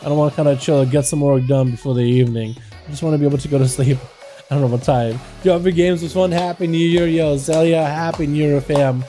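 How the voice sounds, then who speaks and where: Man, livestream game commentator, high voice, mellow, energetic and hyped. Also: fast, soft background music. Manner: energetic, hyped, chatty with viewers. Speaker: streamer and duel commentator.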